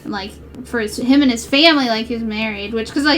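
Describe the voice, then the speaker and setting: A woman's voice: on the high side, normal speed, slight background noise. A woman streamer chatting casually while she cross-stitches. She rambles, giggles often and says "like" a lot. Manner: giggly, rambling, heavy use of "like".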